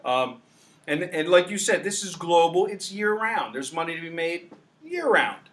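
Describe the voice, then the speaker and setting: A brash man runs a sports betting show, pushing his points hard. His voice sits a little high and sounds bright and forceful. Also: very animated, normal speed. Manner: brash, emphatic, salesman-like. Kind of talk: casual sports betting talk.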